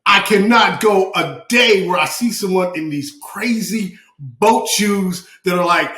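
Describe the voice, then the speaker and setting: A man's voice: high voice, unhurried, hardly any pauses, sharp tone, roomy sound. A man co-hosting a podcast, delivering a passionate, profane comedic rant with lots of repeated phrases. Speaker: podcast co-host.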